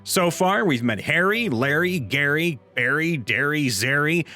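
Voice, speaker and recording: An animated man reads online stories aloud in a bright, lively voice. He sits slightly high for a man, playful throughout, with soft music behind him. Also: unhurried, few pauses. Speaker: narrator reading viewer stories. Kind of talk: reading online comments aloud.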